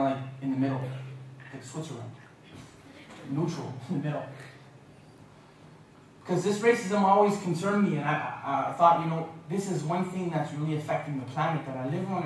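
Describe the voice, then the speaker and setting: Male guest lecturer from Canada, lively and humorous, slightly high voice, recorded from a distance in a large echoey hall. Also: a little hiss or hum. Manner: lively, humorous, mimics accents. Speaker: guest speaker. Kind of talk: lecture with jokes.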